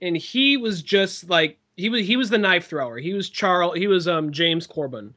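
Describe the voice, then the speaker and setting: Man, podcast co-host, high bright voice, eager and halting. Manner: excited, halting, searching for names. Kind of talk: casual movie review chat.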